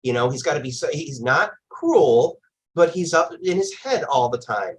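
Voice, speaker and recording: A woman's voice: low-pitched, sing-song, normal speed, a little mellow, poor audio. A woman on a podcast panel, chatting casually and arguing her opinions emphatically.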